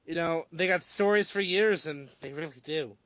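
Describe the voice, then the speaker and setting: A man's voice: fairly high pitch, moderate pace, fairly bright tone. A man co-hosting a casual gaming podcast who laughs often and swears. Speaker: podcast co-host. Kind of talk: casual chat. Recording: dry, dull lo-fi podcast audio.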